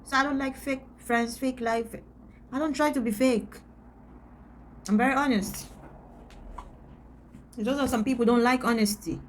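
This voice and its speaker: A woman's voice: on the high side, fairly even intonation, moderate pace, pauses often, slight background noise. A woman, ranting candidly to camera as a vlogger, blunt and emphatic, repeating her points for stress. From Antigua.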